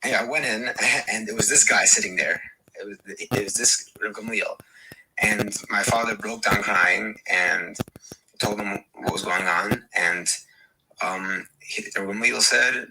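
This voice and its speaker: Man, low voice, halting speech, repeats words, steady background hiss. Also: poor audio. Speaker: podcast guest. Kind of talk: casual debate and personal story.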